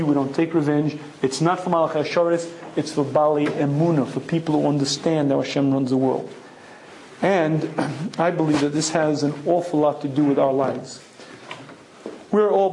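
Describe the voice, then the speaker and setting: A man gives a Torah lesson in a voice pitched a little high for a man. He speaks emphatically, repeats phrases for effect, and clears his throat often. Faint background hiss sits under the voice. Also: a little mellow, low-quality recording. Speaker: Torah teacher. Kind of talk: Torah lecture with personal story.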